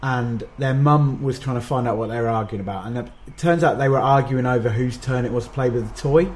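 A man's voice: medium pitch, brisk. A man co-hosting a podcast in casual chat, making dry, wry asides. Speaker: podcast co-host.

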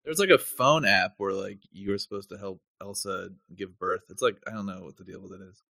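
A man co-hosting a relaxed comedy podcast, rambling and letting his sentences trail off. His voice is fairly low and sounds dry and close, with no room around it. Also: a little fast, gravelly, no room sound. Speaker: podcast co-host. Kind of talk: casual comedic chat.

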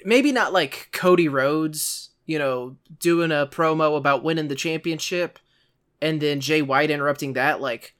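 A man in casual podcast chat with a slightly high, bright voice. He rambles through his points and stacks up side remarks as he goes. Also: a little slow, clean tone. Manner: rambling, lots of "like" asides. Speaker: podcast co-host.

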